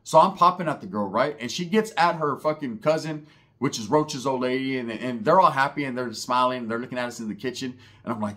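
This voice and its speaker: A man's voice: medium pitch, lively intonation, a little fast, sharp tone. A man telling a comedic story in a profane, slang-heavy, rambling way.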